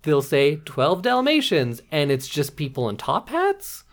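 Deep-voiced woman, playful and sarcastic. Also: huge pitch swings, a little slow. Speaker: podcast co-host reviewing movies. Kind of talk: casual chat.

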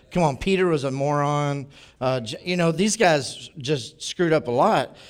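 A man preaching a sermon as pastor, telling a personal story in a conversational, animated way. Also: on the high side.

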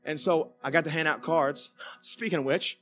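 A male pastor preaching a conversational sermon in a church, folksy and animated, with many restarts. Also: a little high, normal speed, soft background music. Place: church sanctuary.

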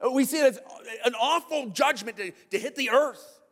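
A man with a high voice delivers an animated sermon, checking in with the congregation through quick rhetorical questions. His voice carries a long reverb, as if filling a large sanctuary. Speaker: pastor.

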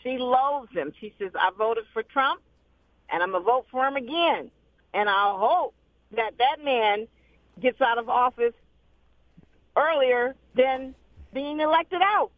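Female caller, chatty and indignant, high voice, tinny phone line. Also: animated, a little slow, long pauses, no room sound. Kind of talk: call-in radio chat.

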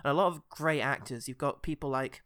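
A man's voice: medium pitch, fairly quick, a bit bright, clean tone, dry recording, clean studio sound. A man co-hosting a casual film podcast, chatty, laughing often and acting out quoted lines. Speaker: podcast co-host.

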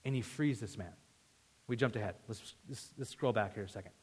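A man preaching a sermon as pastor, emphatic and storytelling, swinging between loud declarations and hushed asides. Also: on the low side, fairly quick, husky. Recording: reverberant hall sound.

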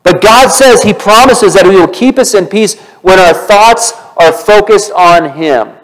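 Guy preaching in church, kinda high voice, chatty, keeps asking the crowd questions. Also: unhurried, low-quality recording. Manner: animated, conversational preaching with rhetorical questions. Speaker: pastor. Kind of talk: sermon.

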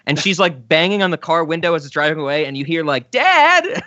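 A man co-hosting a podcast, chatting casually about comedy sketches, laughing often and letting his words trail off softly. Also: a little high, fast, no echo, muffled recording. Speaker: podcast co-host. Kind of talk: casual chat reviewing sketches.

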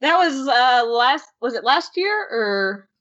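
A woman's voice: fairly high pitch, expressive, slow pace, a bit bright, highs cut off. A woman in casual chat, a little hesitant.

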